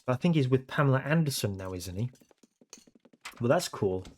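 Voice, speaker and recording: A man's voice: mid-range voice, animated, a little fast, darkish tone, a little hiss or hum. Rambling man chatting to viewers. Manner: rambling, keeps tagging "yeah?" onto sentences. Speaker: game streamer. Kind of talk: casual chat with viewers while playing.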